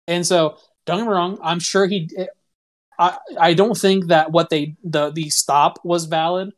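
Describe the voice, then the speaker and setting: Hesitant podcast co-host, mid pitch. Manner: hesitant, restarts sentences, laughs along. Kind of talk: casual podcast chat.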